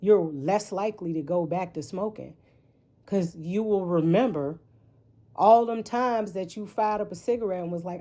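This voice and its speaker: A woman's voice: on the low side, normal speed, dark tone. A woman giving a casual tarot reading, rambling and frank, swearing freely and often asking "right?". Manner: rambling, frank and profane, with frequent rhetorical "right?". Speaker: tarot reader.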